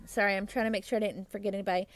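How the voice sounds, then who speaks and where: A woman's voice: mid-range voice, level tone, rapid-fire, soft background music. A young adult woman chatting casually with viewers on a live stream, bubbly and giggly, thanking them effusively. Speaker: livestreamer.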